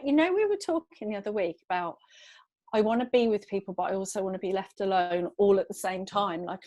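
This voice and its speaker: A woman in her thirties on a video call, talking casually in a group chat and telling a story in a lively, self-deprecating way. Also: medium pitch, no room sound, low-quality recording. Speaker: podcast regular in sobriety group.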